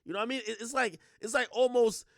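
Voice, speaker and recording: A young man ranting on a stream, profane and animated, stumbling over fillers as he argues. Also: extremely high pitch, fast, dry recording, clean studio sound. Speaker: streamer and commentator.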